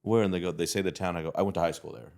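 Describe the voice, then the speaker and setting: A man from Texas with a Texan accent, a comedian guest telling rambling, animated anecdotes. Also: deep voice, rapid-fire, vocal fry. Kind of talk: casual storytelling.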